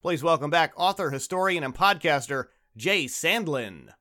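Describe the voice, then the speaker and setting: A man hosting a comedy podcast, joking around, laughing loudly and calling out names. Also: fairly high pitch, animated, normal speed. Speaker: podcast host.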